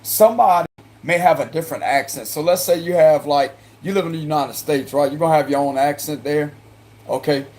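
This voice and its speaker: A man with a Cajun accent talks through a tarot reading for his viewers. His voice sits a little high for a man, and he rambles, circles back over the same points and breaks into chuckling asides. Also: a little fast, darkish tone. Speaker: tarot reader.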